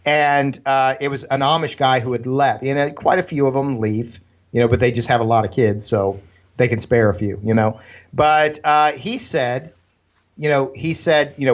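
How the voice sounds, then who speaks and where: A man's voice: mid-range voice, moderate pace. A man co-hosting a casual religious podcast, earnest and fond of long anecdotes full of "you know". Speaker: podcast co-host. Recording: slightly dull, lo-fi sound.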